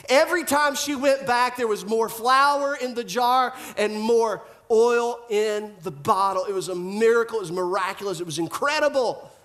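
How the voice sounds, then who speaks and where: A male pastor preaching a sermon in an animated style, full of rhetorical questions and repeated phrases. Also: extremely high pitch, moderate pace, hardly any pauses.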